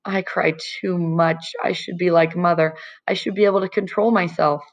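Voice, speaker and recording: A tearful teenage girl, as a woman reads her part, speaks in a shaky, self-doubting voice. Her pitch lifts a little above the reader's own. It comes through a slightly dull recording. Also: fairly even intonation, normal speed, lightly acted.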